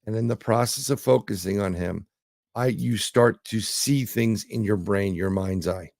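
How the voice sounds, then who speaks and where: A man's voice: on the low side, moderate pace, vocal fry, darkish tone, no room sound, studio quality. A man, a guest telling rambling anecdotes in casual conversation, full of fillers and restarts. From New York City. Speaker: guest, remote viewer. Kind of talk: casual interview storytelling.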